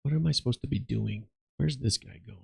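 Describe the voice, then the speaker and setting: A man's voice: mid-range voice, animated, brisk, vocal fry, darkish tone, slightly rough, dry recording. A man giving casual, rambling commentary while playing a game, swearing offhandedly. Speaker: gaming streamer and commentator.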